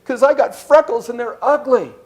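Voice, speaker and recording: A man's voice: very high-pitched, normal speed, darkish tone, pitched above the performer's own voice. A man voicing a small eager boy, whiny and pleading.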